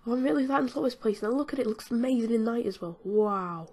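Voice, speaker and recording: A husky, fairly high-pitched woman's voice moves at a fairly quick clip. The speaker, a British gaming channel host, offers light, giggly gameplay commentary and talks to the characters along the way.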